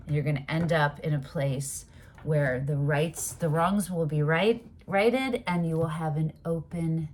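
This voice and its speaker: A woman with a lower-pitched voice gives a casual tarot reading. She talks animatedly and emphatically. Now and then she swears or breaks into loud outbursts. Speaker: tarot reader.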